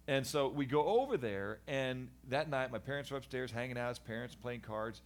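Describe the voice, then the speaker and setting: A man's voice: mid-range voice, moderate pace. Earnest middle-aged man telling his story. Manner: animated storyteller, acts out voices of people in his story; earnest and reflective, with frequent restarts. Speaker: guest sharing his life story. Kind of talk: candid personal testimony in conversation.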